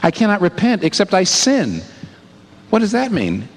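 Man preaching with lively expressive delivery. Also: sits high, moderate pace. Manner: expressive, asks rhetorical questions, swings from hushed to emphatic. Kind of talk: sermon. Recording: long reverb with faint background noise.

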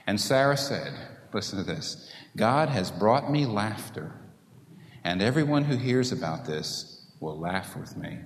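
A man preaching a sermon, putting rhetorical questions to the congregation in an animated way. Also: lowish voice, unhurried. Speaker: pastor. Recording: echoey hall with faint room noise.

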